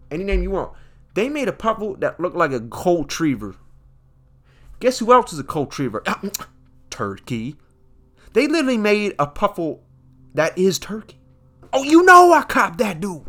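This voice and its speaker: A man's voice: sits high, a bit bright. Joking young man with street slang. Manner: slangy, joking, addresses listeners as folks. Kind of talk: casual comedic monologue.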